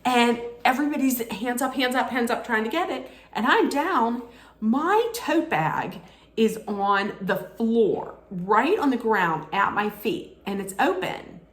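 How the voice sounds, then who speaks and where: A woman vlogger telling a casual story, animated and excitable, laughing often. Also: fairly high pitch, measured pace, roomy sound.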